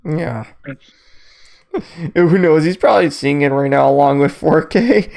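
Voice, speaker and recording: A man's voice: fairly high pitch, slow pace, vocal fry, darkish tone. A young man co-hosting a casual podcast chat, laid-back and laughing often.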